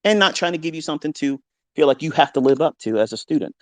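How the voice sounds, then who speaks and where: Broadcasting from his home basement into a live audio room, a middle-aged trading mentor talks fast in a slightly high voice with lively intonation. His unfiltered, blunt, heavily profane talk sometimes erupts into heated yelling, captured in a dry recording.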